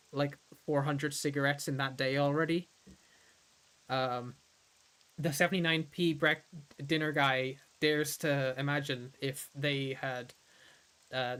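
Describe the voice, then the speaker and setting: A man's voice: a little high, fairly bright tone. A man from Ireland streaming a game, chatting casually and rambling with lots of fillers. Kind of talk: casual gameplay commentary.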